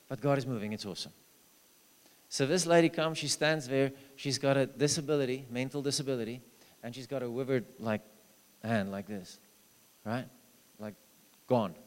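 Male preacher, mid-pitched, urgent then hushed, reverberant church hall. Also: smooth. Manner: storytelling, swings from loud urging to low hushed asides. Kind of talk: sermon.

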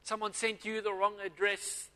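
In a high, flat, bright and forceful voice at ordinary speed, a preacher delivers a sermon built on stories, acting out each line of dialogue. His words ring with the long reverb of a large hall.

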